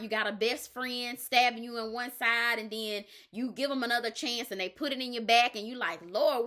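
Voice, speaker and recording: A woman's voice: fairly high pitch, pushed and bright. A woman life coach, giving an emphatic faith-based pep talk and often checking in with "all right?".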